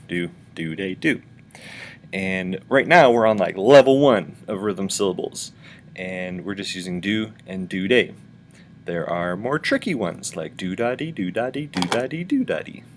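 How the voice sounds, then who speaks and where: A lower-voiced man teaches a music lesson to schoolchildren over a webcam, chanting rhythms for them to echo back. His manner is patient and instructive. A faint hiss of background noise sits under the recording. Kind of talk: virtual music lesson for children.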